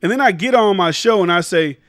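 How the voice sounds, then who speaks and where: A man's voice: high-pitched, animated, brisk, a bit bright, no room sound, studio quality. A man hosting his own commentary show, talking emphatically and rambling, swearing freely and often restarting his sentences. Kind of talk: casual opinion commentary.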